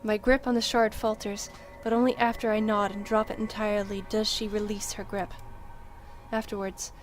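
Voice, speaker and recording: A woman's voice: medium pitch, little pitch movement, normal speed, soft background music. A woman reading the first-person narration of a story game aloud, dramatic and tense, with the odd slip. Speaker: let's-play reader.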